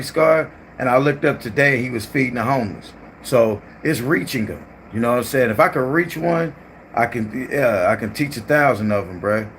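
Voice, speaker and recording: A man's voice: medium pitch, fairly bright tone, slight background noise. A man hosting a livestream who chats casually, in a loose, profane and repetitive way. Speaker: livestream host.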